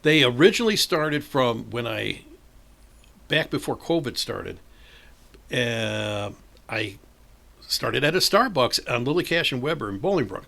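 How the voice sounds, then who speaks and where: Older man, gravelly, bright, lively storyteller, chess organizer guest, podcast interview. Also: mid-range voice, unhurried, long pauses. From northern Illinois, USA. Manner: animated storyteller acting out quoted voices, laughs often.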